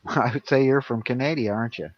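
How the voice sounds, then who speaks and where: A man's voice: medium pitch, a little fast, lo-fi sound, a little hiss or hum. A man co-hosting a casual live stream, chatting and laughing, often stammering as he starts sentences. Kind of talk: casual livestream chat.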